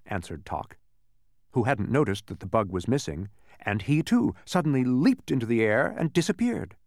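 An expressive male narrator reading a storybook aloud, his pitch rising and falling with animation. The sound is close and dry, with no room around it. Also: normal speed, dry recording.

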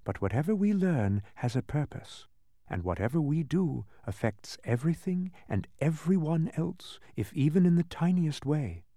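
A man reading aloud, voicing a grave, quiet, wise young princess in a storybook. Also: a little high, moderate pace, dry recording, clean studio sound, voice pushed up. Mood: gentle, wise. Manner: calm, quiet, patient.

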